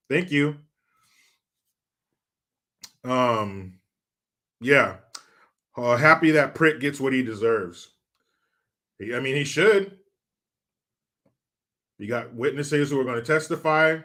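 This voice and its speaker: A man's voice: medium pitch, expressive, slow pace, pauses often, sharp tone. Middle-aged guy chatting on his stream, jokey and swearing, voice jumps around a lot. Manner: loose, joking, profane. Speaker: livestream host. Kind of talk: casual livestream chat reading viewer comments.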